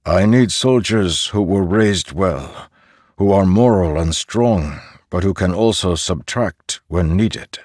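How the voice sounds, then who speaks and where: A man voicing a calm farmer who oversees soldiers in an audiobook; the voice is kindly and soft, and he speaks slowly and reassuringly. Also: low-pitched, no room sound, clean studio sound. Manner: slow, measured and reassuring. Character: calm middle-aged male farmer overseer, kindly but firm.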